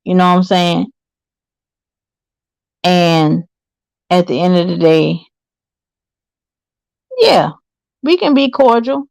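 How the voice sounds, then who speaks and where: A woman's voice: on the low side, expressive, slow pace, gravelly, long pauses, a little mellow, dry recording, poor audio. A woman panelist in casual chat, speaking bluntly and confrontationally.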